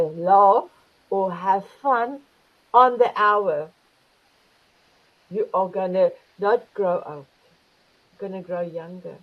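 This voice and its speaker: A woman's voice: medium pitch, slightly rough, lo-fi sound. An older woman hosting an online talk show, effusive and calling her guests beautiful. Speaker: host. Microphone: video call.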